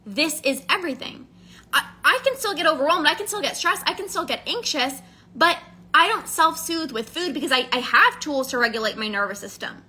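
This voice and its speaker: Woman coach, high bright voice, earnest and emphatic, repeats herself for stress. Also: animated, a little fast. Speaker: emotional eating coach. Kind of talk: casual candid monologue.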